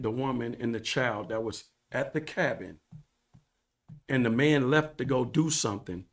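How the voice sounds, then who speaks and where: A man as a podcast guest, telling his story in an earnest, preachy way and repeating phrases for emphasis. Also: mid-range voice. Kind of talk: casual storytelling interview.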